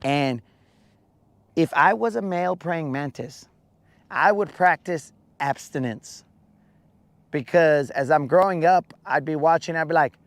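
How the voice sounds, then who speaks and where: Playful rambling man, rough morning voice. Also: on the high side, unhurried, long pauses, dry recording. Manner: playful rambling storyteller, addresses chat as bro. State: morning voice, dry mouth. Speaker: fishing stream host. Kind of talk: casual live-stream chat.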